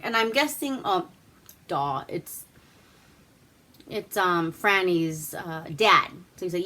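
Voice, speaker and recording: A woman vlogger chats her way through a movie plot at an unhurried pace, with a bright, forward tone. Her speech is loose and full of fillers and casual swearing. She is at home with a glass of wine. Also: fairly low pitch, expressive.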